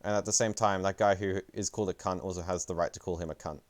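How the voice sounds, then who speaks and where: A young man talking on a livestream in a deep, low voice. He rambles and swears freely, mocking himself as he goes. It is loose, off-the-cuff commentary. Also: steady tone, fast. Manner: rambling, profane, self-deprecating. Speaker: esports player and streamer.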